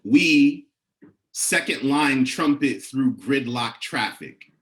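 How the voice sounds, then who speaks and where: A man's voice: medium pitch, animated. Young Black-English-accented man, spoken word poet. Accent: African American English. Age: young adult. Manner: rhythmic, rising incantatory delivery in poems; soft, halting talk between poems with many fillers. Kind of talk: spoken word poetry performance.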